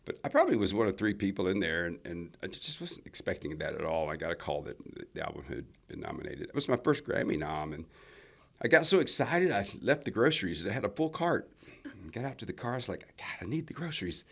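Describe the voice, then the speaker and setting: A low, gravelly man chats loosely in an interview. He rambles through his stories, restarting sentences and leaning on fillers as he goes. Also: big pitch swings, fast talker, a bit bright. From Alabama, USA. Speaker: country singer, guest. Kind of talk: casual interview chat.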